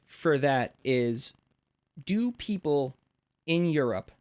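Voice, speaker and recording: An American man hosts a casual podcast interview. He talks in an animated, rambling way, full of fillers and restarts. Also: fairly high pitch, takes it slowly. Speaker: podcast host.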